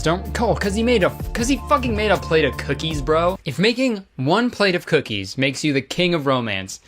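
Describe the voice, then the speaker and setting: A sarcastic man riffing on clips in comedy commentary, his pitch leaping around as he reacts in disbelief. He swears freely and jokes dryly. Music plays under his voice. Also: very animated, normal speed, hardly any pauses, a bit bright. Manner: sarcastic, profane, incredulous. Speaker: video commentator.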